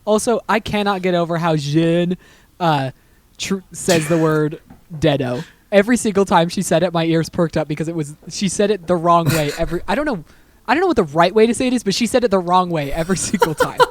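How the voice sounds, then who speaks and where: A man co-hosts a movie podcast in loose, casual chat. He riffs on the film with playful, drawn-out jokes and comic pictures. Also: sits high, expressive. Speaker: podcast co-host.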